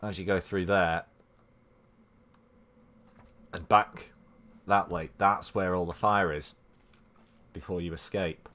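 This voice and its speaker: A man's voice: low-pitched, steady tone, slow pace, long pauses, sharp tone. A man with a Mancunian accent giving chatty, joking gameplay commentary as a gaming streamer.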